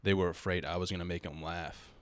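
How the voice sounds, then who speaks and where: A man's voice: deep voice, fairly even intonation, fast talker, dry recording. A young man, a stand-up comic guest on a casual podcast, talking in a laid-back, mumbly way. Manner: laid-back, mumbly, says "dude" often. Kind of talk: casual comedy podcast chat.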